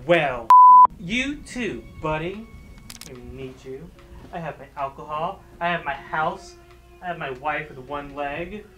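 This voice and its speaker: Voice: mid-range voice, animated, takes it slowly, fairly bright tone, soft background music. A gaming streamer giving jumpy, joking commentary on a horror game. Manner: jumpy, exclaiming, joking at the screen. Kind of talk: let's play commentary.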